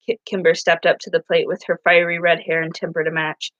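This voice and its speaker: A woman's voice: fairly low pitch, level tone, a little fast, a bit bright, no echo, dull audio. Woman reading a novel aloud, dry sound. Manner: casual reading with frequent slips and restarts. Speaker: reader.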